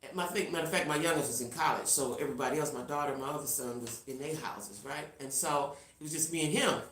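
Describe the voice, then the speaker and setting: A middle-aged woman hosting a live stream, telling a personal story in a casual, animated way and talking straight to her viewers. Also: low-pitched, quick pace, echoey room. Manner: reads out viewer comments. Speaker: livestream host.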